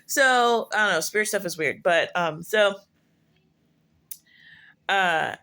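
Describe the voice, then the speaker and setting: A woman's voice: mid-range voice, animated, slow, bright, forceful tone. A woman talking through spiritual experiences in a casual, rambling monologue, full of fillers and self-corrections. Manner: musing, self-correcting storyteller. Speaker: prophetess sharing spiritual musings.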